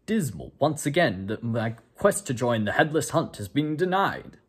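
A man's voice: medium pitch, big pitch swings, moderate pace, breathy edge. A man voicing a mournful, haughty male ghost knight. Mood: dismal.

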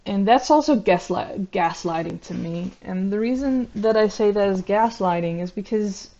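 A woman offering analytical commentary in a measured, reflective voice, often pausing on an "uh". Her pitch sits in a middle range. The recording sounds slightly dull. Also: warm tone. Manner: measured, reflective, many ums and uhs. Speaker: YouTube commentator.

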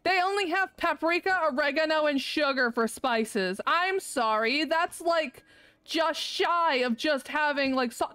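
A woman's voice: sits high, animated, measured pace, bright, forceful tone, dry recording. A woman streaming a game live, ranting and swearing in exasperation, with lots of laughter. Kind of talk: live gameplay commentary.

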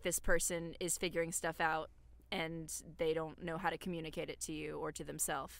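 A woman's voice: on the low side, a bit bright, clean tone, no room sound. A woman from Alabama co-hosting a podcast, giving earnest, rambling advice with lots of "like" fillers. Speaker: podcast co-host. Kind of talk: casual advice chat.

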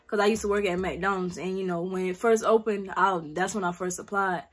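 A late-teen woman with a South Carolina accent answers questions in a casual Q&A vlog, blunt, slangy and swearing freely. Her medium-pitched voice holds a steady tone at a fairly quick pace.

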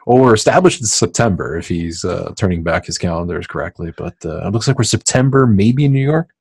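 Husky-voiced young man, low and joking. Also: expressive, fairly quick, a little mellow. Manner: joking, vulgar, trails off and restarts. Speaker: podcast co-host. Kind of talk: crude casual movie commentary.

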